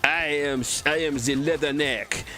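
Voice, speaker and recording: A man's voice: on the high side, unhurried, sharp tone, faint music behind, voice pushed up. A man putting on a hammy French accent to voice a swaggering male mutant soldier from a cartoon. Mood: pompous. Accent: French (put on, Canadian French).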